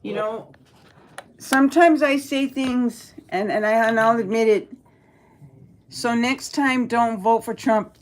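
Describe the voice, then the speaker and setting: Blunt, profane woman from Texas. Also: a little high. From El Paso, Texas. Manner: blunt, profane, talks back to chat. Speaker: livestream host reading chat. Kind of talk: casual live-stream chat.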